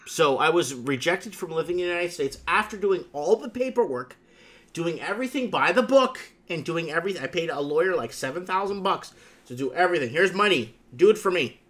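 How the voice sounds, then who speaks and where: A slightly higher-voiced man hosts a casual talk show, telling stories with plenty of emphasis and repetition. He keeps circling back to the same phrases as he talks a guest through his point. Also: animated, fairly quick, a bit bright. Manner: emphatic storytelling with repeated catchphrases. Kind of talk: casual chat.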